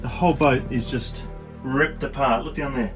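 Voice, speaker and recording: A middle-aged man in shock, talking haltingly with many pauses as he records a video diary aboard his damaged boat. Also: mid-range voice, steady tone, over music. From Australia. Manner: halting, filler-heavy. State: in shock, emotional. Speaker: sailing vlogger.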